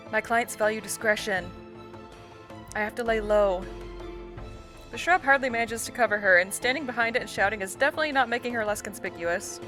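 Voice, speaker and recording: A woman hosting a game playthrough, reading the story aloud with chatty, self-deprecating comments. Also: a little high. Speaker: let's-play host.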